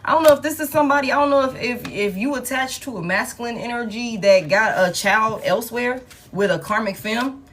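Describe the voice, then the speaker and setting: A woman's voice: a little high, brisk, fairly bright tone, soft background music. Chatty woman reading tarot live. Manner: casual, chatty, talks to viewers and reads cards aloud. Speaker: tarot reader.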